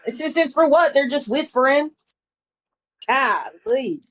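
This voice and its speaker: Casting: a woman voicing a cocky, foul-mouthed young adventurer, joking and breezy, slightly high voice. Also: lively intonation, measured pace, low-quality recording. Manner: joking, crude and carefree. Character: brash, crude, cocky young man adventurer.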